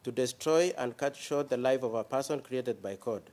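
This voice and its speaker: Measured defence lawyer in court. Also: male voice, medium pitch, a little mellow. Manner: measured, reads quoted text aloud. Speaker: defence counsel. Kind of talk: formal courtroom address.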